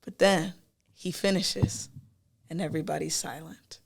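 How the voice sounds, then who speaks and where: Young woman guest spinning a story on a podcast, animated, plays all the voices. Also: deep voice, measured pace, vocal fry, slightly rough. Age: young adult. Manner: lively storyteller, acts out quoted voices. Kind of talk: casual chat, storytelling.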